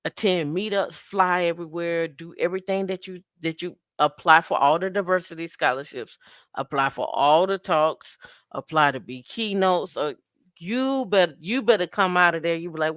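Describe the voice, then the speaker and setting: A woman co-hosting a podcast, talking casually and telling stories with lively, acted-out dialogue. Her voice is bright and crisp. It sounds dry and close, with no room echo. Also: mid-range voice, normal speed. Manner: lively storyteller who acts out dialogue; emphatic, repetitive advice-giving. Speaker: podcast co-host.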